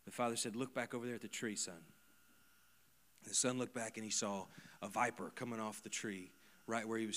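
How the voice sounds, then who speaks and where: A man preaching a sermon to a congregation. He moves from quiet, close asides to loud, emphatic repeated lines. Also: lowish voice. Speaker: pastor. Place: church service before a congregation.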